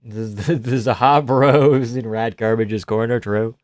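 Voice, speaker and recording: A man's voice: mid-range voice, steady tone, a little slow, no echo, clean studio sound. A young man hosting a live stream, chatting casually, joking around and reacting to viewer chat. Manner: rambling, jokey, reads chat aloud.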